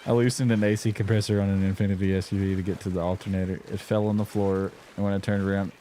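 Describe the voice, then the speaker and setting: A man's voice: lowish voice, flat delivery, fast, warm tone, slight background noise. A man giving casual, giggly gameplay commentary, rambling and poking fun at himself. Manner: giggly, rambling, self-mocking. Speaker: gameplay streamer.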